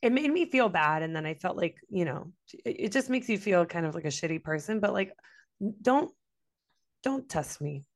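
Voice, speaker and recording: Animated, swearing woman telling a story. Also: lowish voice, moderate pace. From Latin American family. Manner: animated, swearing, acts out quoted voices. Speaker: podcast co-host. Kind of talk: casual storytelling chat.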